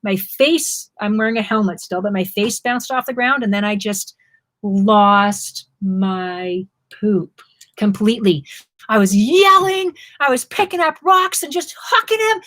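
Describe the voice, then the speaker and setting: Canadian woman co-host, animated live-stream storyteller, mid-range voice, casual home chat. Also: mid-range voice, a little slow. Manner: vivid, expressive storyteller. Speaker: co-host, motorcycle traveller. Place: home during quarantine.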